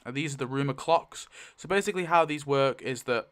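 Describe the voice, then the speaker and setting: Man, casual solo tabletop game narrator, thinks aloud, lots of ums and restarts, bright crisp voice. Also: medium pitch, a little fast. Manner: thinking aloud, frequent fillers and self-corrections.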